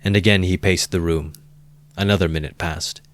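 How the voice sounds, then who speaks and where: A man calmly narrating a novel as an amateur audiobook reader, in a measured way close to the mic. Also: low-pitched.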